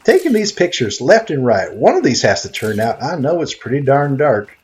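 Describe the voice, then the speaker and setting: Speaking at a moderate pace in a medium-pitched, everyday-sounding voice, this man narrates a gaming video in character. He's a clumsy, naive newcomer hunter and photographer from Tennessee, and his comedic commentary rambles folksily, quick to excitement.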